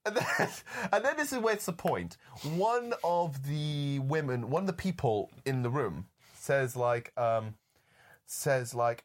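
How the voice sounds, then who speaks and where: A man's voice: medium pitch, animated, a little slow. A man co-hosting a casual film podcast, retelling scenes with frequent laughter and mimicked lines. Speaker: podcast co-host. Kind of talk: casual film review chat.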